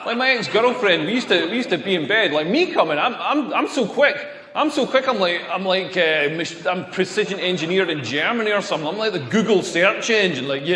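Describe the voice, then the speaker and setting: A man's voice: high-pitched, sharp tone. A man doing a crude, self-mocking stand-up routine on a club stage. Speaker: stand-up comedian. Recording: echoey stage with long reverb.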